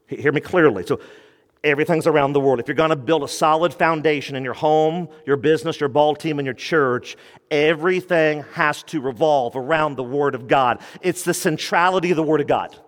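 Emphatic preaching man, reverberant hall. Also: fairly quick. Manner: emphatic preaching, drops low for key points, rises when quoting. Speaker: pastor. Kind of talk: sermon.

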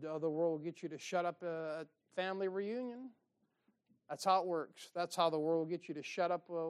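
A man's voice: a little high, clear, resonant tone. A man preaching a sermon in a folksy, exhorting way, with asides and short laughs.

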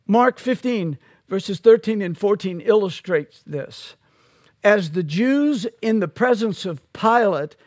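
A male pastor preaching an expository sermon, slow and emphatic, rising to loud peaks on key words. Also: high voice, animated, dry recording, studio quality.

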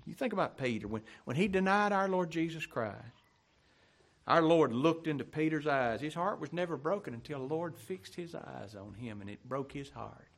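A man preaching a sermon, asking the congregation rhetorical questions, rising loud and then dropping soft at the ends of phrases. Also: on the high side, animated, normal speed, vocal fry.

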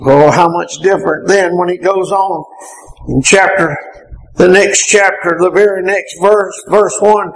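A man preaching a fervent sermon, repeatedly rising into impassioned shouts. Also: high voice, fairly even intonation, a little slow, low-quality recording.

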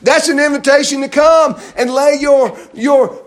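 A man's voice: very high-pitched, steady tone, a little slow. A man preaching a sermon in a church, emphatic and full of rhetorical questions and repeated phrases. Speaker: pastor.

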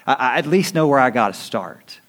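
A man preaching a sermon as pastor. He swings from quiet, hushed lines to loud, rising exhortation. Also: mid-range voice, lively intonation, brisk.

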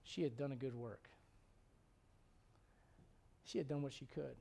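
A man preaching lowers his voice to speak as the Lord, calm and firmly correcting. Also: unhurried, creaky, husky.

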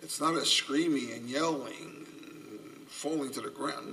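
Earnest pastor preaching from afar. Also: male voice, mid-range voice, unhurried, creaky, noisy background. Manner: earnest, self-described subdued, gently humorous. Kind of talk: sermon. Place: church sanctuary. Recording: voice from a distance off the mic.

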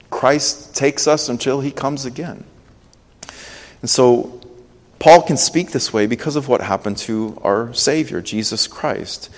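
A man's voice: mid-range voice, in a large hall. A man preaching a sermon as pastor, earnest and emphatic, his voice swelling and dropping for emphasis. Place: church sanctuary.

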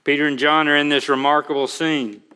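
A male pastor preaching a sermon, slow and emphatic, quoting scripture aloud. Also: a little high, little pitch movement, bright, forceful tone, smooth, long reverb tail.

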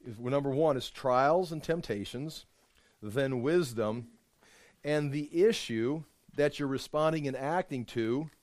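A man's voice: medium pitch, unhurried, darkish tone, dry recording. A man teaching a Bible study in a conversational, emphatic way, often restarting his sentences. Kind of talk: informal Bible study sermon.

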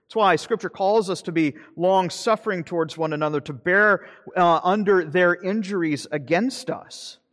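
Earnest preacher in an echoing church. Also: male voice, high-pitched, fairly bright tone. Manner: earnest preaching, shifting between slow emphasis and quick asides. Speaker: pastor. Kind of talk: sermon.

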